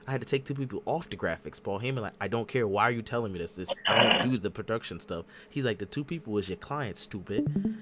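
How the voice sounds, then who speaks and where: A man hosting a casual wrestling podcast, telling the story with lively acted-out quotes. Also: fairly low pitch, quick pace, hardly any pauses, very noisy. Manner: animated storyteller acting out quotes. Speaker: podcast host. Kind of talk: casual wrestling recap chat.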